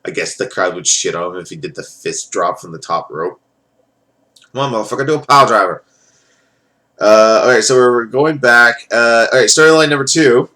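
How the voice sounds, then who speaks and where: Low-voiced man in a rambling casual recap. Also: moderate pace, hardly any pauses, sharp tone. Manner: rambling, profane, lots of filler. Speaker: wrestling show reviewer.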